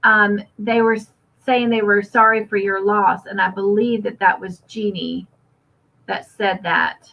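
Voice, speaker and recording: Reading viewer comments on her casual livestream, a woman answers in a creaky mid-range voice, her intonation fairly even and her pace measured. She's warm and talkative toward her audience and laughs frequently; the audio is lo-fi and slightly dull.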